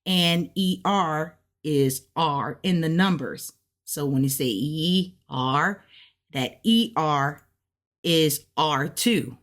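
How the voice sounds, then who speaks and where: Woman, low voice, unhurried pace, casual step-by-step explaining, chatty with frequent check-ins. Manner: relaxed, chatty, many fillers and "right?" checks. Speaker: language learner sharing study notes.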